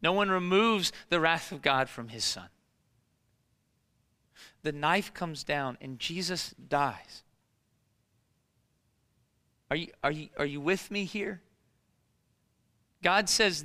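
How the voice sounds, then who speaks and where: A man preaching a sermon in a dramatic storytelling way, moving between hushed and emphatic delivery. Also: high voice, expressive, slow, long pauses. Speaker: pastor.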